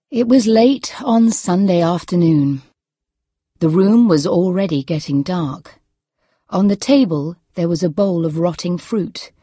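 Slow, husky woman reading a story. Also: on the low side, no echo, studio quality. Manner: calm and measured, with varied intonation. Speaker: audiobook reader. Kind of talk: scripted storybook narration.

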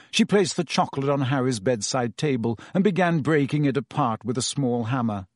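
A man reading a novel aloud as an audiobook, with steady, expressive storytelling. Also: medium pitch, moderate pace, no room sound, studio quality. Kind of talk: audiobook narration.

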